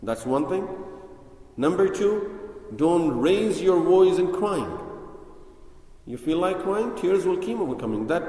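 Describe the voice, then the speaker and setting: A man's voice: high voice, expressive, mellow. Man lecturing in an echoey hall. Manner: reads Arabic text fast, then explains it slowly in English. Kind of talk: Islamic lecture explaining hadith. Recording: echoey hall with long reverb.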